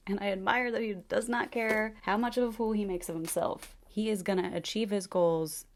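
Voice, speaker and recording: A woman in a casual, animated chat to camera as a book reviewer, gushing over her favourite reads. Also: mid-range voice, a little fast, hardly any pauses.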